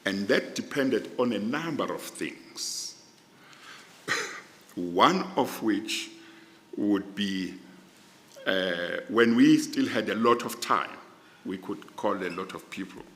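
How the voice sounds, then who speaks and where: Older judge, deep voice, unhurried, measured. Long reverb of a large hearing room. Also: male voice, expressive, a bit bright. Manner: deliberate, careful, fond of restating points. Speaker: interviewee judge. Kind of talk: formal measured explanation.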